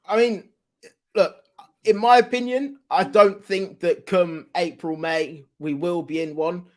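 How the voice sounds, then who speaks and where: High-voiced man in casual football chat. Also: fairly even intonation, a little slow, a little mellow. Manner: hedging, with repeated restarts. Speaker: podcast panelist, club fan.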